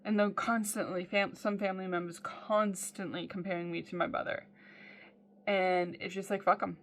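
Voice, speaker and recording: A woman's voice: mid-range voice, level tone, moderate pace, a little hiss or hum. A woman talking in a casual personal video diary, blunt and swearing freely, with many "um" fillers. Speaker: vlogger.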